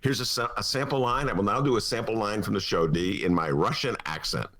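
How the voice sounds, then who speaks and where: A man's voice: lowish voice, a little fast, fairly bright tone. A middle-aged man hosting a casual podcast talk show from a studio, rambling through jokes and asides with frequent chuckles. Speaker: podcast host.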